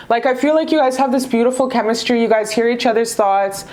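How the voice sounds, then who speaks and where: A woman's voice: on the high side, quick pace, darkish tone. A woman reading tarot in casual chat, effusive and affectionate, swearing freely as she talks to viewers. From Canada. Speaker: tarot reader.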